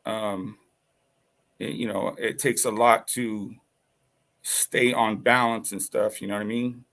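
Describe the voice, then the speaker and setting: A man with a gravelly, creaky voice tells a personal story in loose, casual talk. He rambles, swears freely, and fills the gaps with fillers and restarts. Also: on the low side, fairly even intonation, slow, fairly bright tone. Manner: rambling, profane, full of fillers.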